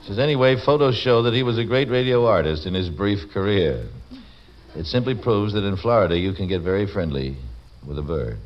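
Deep-voiced guy cracking wry jokes on an old radio show, kinda muffled lo-fi recording. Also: a little fast. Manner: wry, teasing, quips after reading aloud. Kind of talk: joking radio show banter with sponsor plugs. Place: radio studio. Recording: dull lo-fi old radio broadcast with faint hiss.

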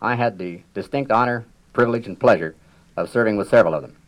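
An older man, a riverboat captain, reminiscing in a measured storytelling manner with dry humor and frequent throat clearing. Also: on the low side, rough recording. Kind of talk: reminiscing public talk.

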